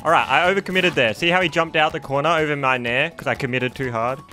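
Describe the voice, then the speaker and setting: A young man giving excitable live commentary while playing a fighting game, reacting loudly to plays. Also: on the high side, fast talker, faint music behind. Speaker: gaming streamer.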